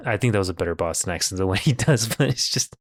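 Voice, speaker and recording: A man co-hosting a comedic podcast speaks fast and animatedly in a lowish voice, with a little hiss or hum in the audio. In casual chat he reads listener comments aloud, riffs, tells stories with restarts, and laughs often.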